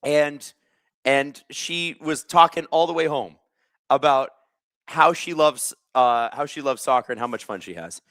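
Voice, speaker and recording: A man's voice: on the high side, measured pace, a bit bright, dry recording, clean studio sound. A man in his thirties hosting a live hockey watch stream, telling stories in a rambling way with lots of fillers and restarts. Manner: talks while snacking. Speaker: stream host. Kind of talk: casual live-stream chat.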